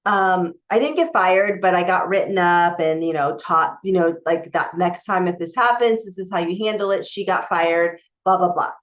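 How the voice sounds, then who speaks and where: A woman's voice: on the low side, normal speed, hardly any pauses. A woman coaching spiritually, telling a personal story to camera in a candid, emphatic way with many fillers and restarts. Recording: dull lo-fi recording.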